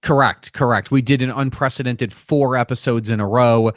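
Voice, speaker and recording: A man's voice: medium pitch, steady tone, moderate pace, no echo, clean studio sound. A man co-hosting a podcast, thinking aloud in casual, analytical chat with frequent restarts. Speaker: podcast co-host.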